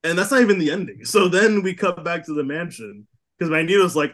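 A man's voice: a little high, a bit bright. Laughing man recapping a cartoon. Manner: laughs often, retells scenes with quick acted quotes. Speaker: podcast co-host. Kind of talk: casual chat recapping a cartoon episode.

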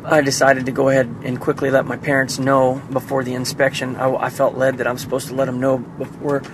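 A man's voice: medium pitch, monotone, brisk, background noise. Earnest, emotional man recording a video diary. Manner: earnest, emotional, sighs often. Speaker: father.

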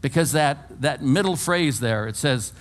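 An elderly man from California preaches to his congregation. He tells stories in a folksy, humorous way and moves freely between quiet asides and raised, emphatic lines. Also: a little high, measured pace. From California, USA. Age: around 80. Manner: folksy, animated storytelling with humor, swings between hushed and loud. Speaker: pastor. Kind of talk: sermon. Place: church before a congregation.

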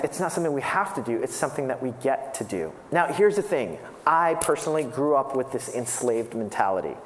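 A man in his thirties preaching a conversational, self-deprecating sermon, acting out the voices of the people he quotes. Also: fairly high pitch. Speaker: pastor. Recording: echoey hall with long reverb.

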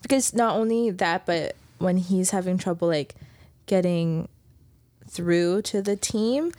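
A woman co-hosting a podcast, chatting casually about a TV episode, relaxed and given to sighs and filler words. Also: lowish voice, a little slow, dry recording. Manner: relaxed, sighing, lots of fillers. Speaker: podcast co-host. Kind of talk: casual chat recapping a TV episode.

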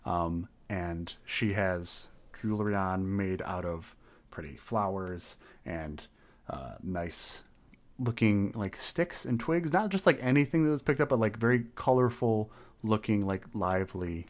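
A man's voice: lowish voice, lively intonation, measured pace. A man playing a tabletop game, describing his character in a rambling, hesitant way. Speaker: player.

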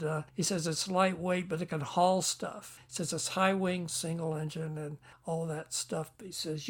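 An older man and book author telling a long story in a rambling way, chuckling and acting out the dialogue he quotes. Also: fairly high pitch. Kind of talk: storytelling anecdote.

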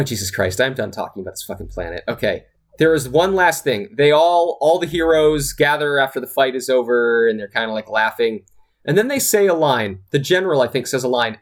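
A man giving a rambling, exasperated and profane recap of a movie in casual chat. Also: mid-range voice.

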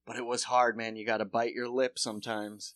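Podcast co-host, male, bright dry voice, animated swearing storyteller. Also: medium pitch, a little fast, dry recording. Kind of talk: casual chat.

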